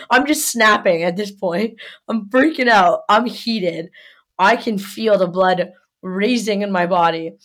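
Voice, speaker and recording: A woman's voice: mid-range voice, a little slow, a bit bright. Profane young woman, podcast co-host. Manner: profane, heated storytelling. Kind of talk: casual chat.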